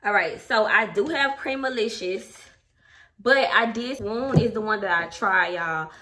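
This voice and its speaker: A young adult woman vlogs casually from home, talking openly and emotionally with her viewers. Her mid-range voice is bright and forceful, and she speaks a little slowly. The mic is distant, with faint background noise.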